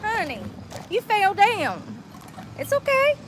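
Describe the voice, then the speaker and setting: A doting helper coos and fusses over a fallen friend, as a woman puts her on. The voice climbs well above her usual pitch. Passing traffic hums clearly behind her. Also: lively intonation, normal speed, low-quality recording. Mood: fussing. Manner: cooing, fussing. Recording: outdoor street noise.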